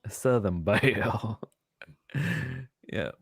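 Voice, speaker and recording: A man's voice: lowish voice, animated, very slow, creaky. A man co-hosting a casual live show, laid-back and laughing often. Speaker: co-host.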